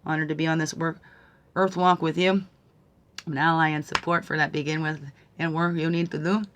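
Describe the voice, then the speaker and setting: Spiritual guide, woman, gentle musing delivery that swells into emphatic preaching, keeps checking in with "right?". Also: low voice, flat delivery, fairly quick, slight background noise. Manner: soft-spoken, musing, often asking "right?"; swings from hushed to emphatic when preaching. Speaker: spiritual guide and card reader. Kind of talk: spiritual card-reading livestream talk.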